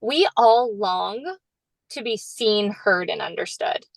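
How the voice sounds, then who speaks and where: A woman's voice: mid-range voice, animated, slow pace, creaky, no room sound, rough recording. A woman author chatting on a podcast, talking in an earnest, reflective, spiritual way. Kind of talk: casual podcast chat.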